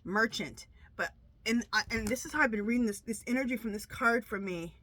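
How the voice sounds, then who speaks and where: A woman tarot reader talks to her viewers in a loose, rambling way, often restarting her sentences. Her voice is bright and forward, and her nose is stuffed up from allergies. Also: fairly high pitch, fairly quick. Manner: chatty, rambling, many restarts. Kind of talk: casual monologue to camera.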